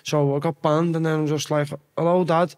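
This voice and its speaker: A man's voice: on the high side, flat delivery, a little fast, darkish tone. A young man with a Scouse accent, a podcast guest telling rambling, sweary stories with acted-out quotes. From Liverpool. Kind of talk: casual storytelling chat.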